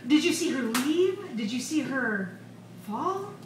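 A woman's voice: high-pitched, very animated, takes it slowly, noisy background, pitched above the performer's own voice, heavily acted. A woman doing a desperate aging adventurer. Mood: pleading. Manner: loud, pleading, strained. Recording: echoey bar recorded from far off.

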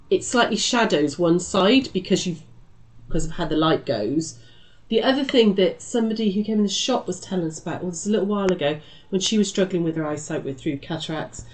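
Her voice lowish and somewhat dark, this middle-aged quilting shop host from Britain leads a live tutorial in British English. She keeps up a friendly, comforting chatter, addressing viewers as "lovely" and "love."

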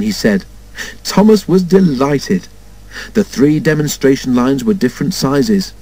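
A man reads a children's storybook aloud, his voice warm and mellow. His delivery rises and falls in a lively way, and he voices every character himself. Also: medium pitch, unhurried, breathy edge, low-quality recording. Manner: expressive, does all character voices. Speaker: storybook narrator. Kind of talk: scripted children's story reading.

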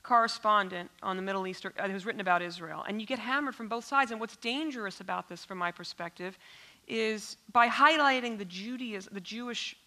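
A woman's voice: mid-range voice, a little fast, bright, forceful tone. A woman journalist from New York interviews her guest onstage in a pointed, challenging way.

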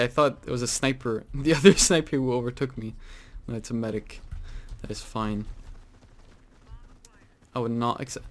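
Guy rambling through his game, mid pitch, lots of "like", yelps when stuff goes wrong, faint keys clacking behind. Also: measured pace, pauses often, slight background noise. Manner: chatty, rambling with many fillers, bursts into excited exclaims. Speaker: gaming channel host. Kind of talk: casual gameplay commentary.

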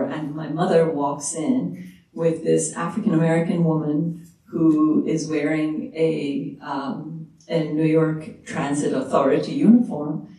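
A woman tells a personal story at an unhurried pace, thinking aloud with many pauses and fillers. Her voice sits back from the microphone, and the room answers with a heavy echo. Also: deep voice, dark tone. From Iran. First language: Persian. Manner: measured, reflective, with many fillers and restarts. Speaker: author, guest. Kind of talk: storytelling answer in a moderated talk. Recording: echoey room, distant mic.

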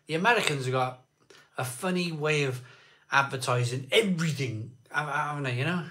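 A man's voice: fairly high pitch, a little fast, bright, forceful tone. A man chatting casually with viewers on a live beer stream, greeting people by name and rambling between topics. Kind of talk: casual chat reading live comments.

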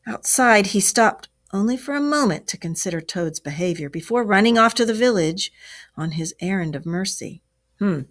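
A woman teacher reading a story aloud to children, expressive and pausing to ask them questions. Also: medium pitch. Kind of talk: classroom read-aloud.

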